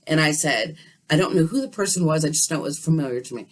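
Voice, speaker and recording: A woman telling a story in a casual, animated way, often checking in with her listener. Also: deep voice, fast. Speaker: dream vlogger.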